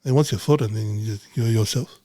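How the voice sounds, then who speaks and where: Blunt aussie guy chatting on a podcast, husky voice, dry close sound, swears a lot. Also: lowish voice, fairly quick, dark tone, no room sound. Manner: blunt, swears freely, rambling. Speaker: podcast guest, businessman. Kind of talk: casual chat.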